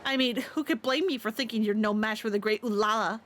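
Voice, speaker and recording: A haughty young female idol sneers and boasts in a raised, bossy voice, put on by a woman reading game dialogue aloud. She talks down to everyone, loud and snide, a touch high in pitch, with faint noise under the recording. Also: quick pace, close to an everyday voice. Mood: scornful.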